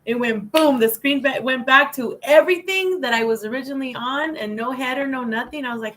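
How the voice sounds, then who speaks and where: Woman, livestream host, slightly high pitch, rambling, repeats phrases, laughs often. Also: fairly quick, hardly any pauses, a bit bright, rough recording. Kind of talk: casual spiritual livestream talk.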